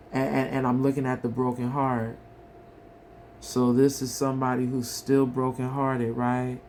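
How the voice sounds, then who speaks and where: Slow, chatty tarot reader. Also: mid-range voice, darkish tone, slight background noise. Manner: chatty, talks straight to viewers. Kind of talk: collective tarot reading, casual chat.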